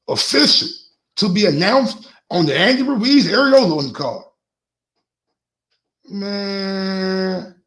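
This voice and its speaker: Excitable man hosting a call-in sports show. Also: high voice. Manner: loose, excitable, repeats words, laughs often. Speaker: host. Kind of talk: casual sports call-in talk.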